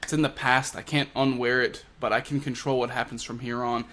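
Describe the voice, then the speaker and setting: A man voicing a brooding young male fighter who speaks low, hushed and earnest. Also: level tone, a little fast, close to an everyday voice. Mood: grave.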